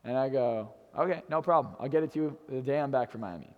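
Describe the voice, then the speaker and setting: A man's voice: mid-range voice, fast talker, in a large hall, narrow, tinny audio. A young man in his twenties telling a brash, swearing personal story to an audience in a hotel event room. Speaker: motivational speaker.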